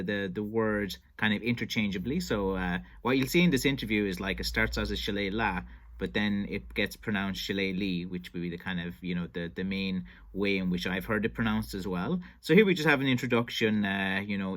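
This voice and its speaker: A man's voice: lowish voice, brisk, few pauses, fairly bright tone. A man from Ireland casually commenting on an old interview clip, hesitant with many fillers and restarts. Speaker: stick maker reviewing an old interview.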